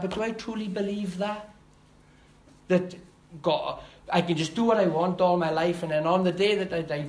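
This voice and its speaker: A middle-aged man giving a personal church testimony, halting and heartfelt, with restarts and rising emphasis. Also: on the high side, a little mellow, poor audio. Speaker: testimony speaker.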